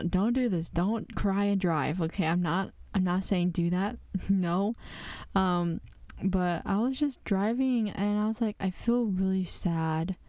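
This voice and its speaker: A woman's voice: medium pitch, dark tone, no echo. A woman hosting a podcast from her closet, speaking openly in a confessional way with many fillers. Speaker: podcast host. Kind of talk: candid personal podcast monologue.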